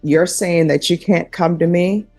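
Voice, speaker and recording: A woman's voice: lowish voice, steady tone, a little slow, warm tone, faint music behind. A woman judge questioning a defendant from the bench, firm and direct. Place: courtroom.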